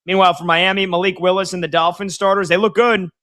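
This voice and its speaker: A man's voice: high voice, flat delivery, fast, fairly bright tone. A man hosting a sports radio show, chatty and joking with his crew. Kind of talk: casual sports talk.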